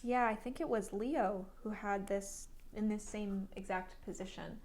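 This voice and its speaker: A woman giving a monthly tarot reading, musing aloud with frequent restarts and fillers, sometimes dropping into soft near-whispers. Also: mid-range voice, fairly even intonation, measured pace. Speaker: tarot reader.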